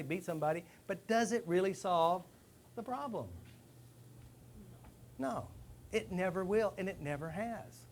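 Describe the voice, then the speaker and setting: A man giving a lively live talk to a rehab group, asking the room questions and acting out stories. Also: fairly high pitch, a little hiss or hum. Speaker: speaker addressing a rehab group. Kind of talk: live motivational talk to an audience.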